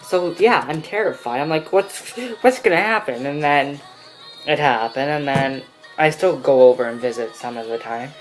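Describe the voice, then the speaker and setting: A man's voice: medium pitch, normal speed, soft background music, low-quality recording. A teenage boy telling a personal story in a casual vlog, rambling with many fillers. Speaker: vlogger.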